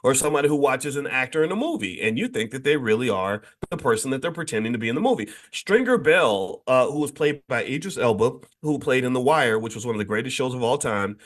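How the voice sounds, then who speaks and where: A man hosting a morning finance show in casual livestream talk, animated and rambling, full of restarts and sudden jumps in pitch. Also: fast talker, few pauses. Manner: conversational, addresses the audience directly.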